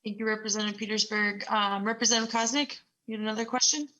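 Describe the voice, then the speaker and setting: A woman chairing a legislative committee, briskly recognizing speakers and moving business along. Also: mid-range voice, steady tone, sharp tone, rough recording. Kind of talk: chairing a hearing.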